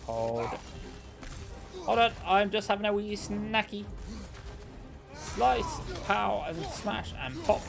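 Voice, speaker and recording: A man giving jokey, excitable let's-play commentary, talking back to the characters on screen. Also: high-pitched, gravelly. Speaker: gaming commentator. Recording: game music playing behind the voice. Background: game soundtrack music.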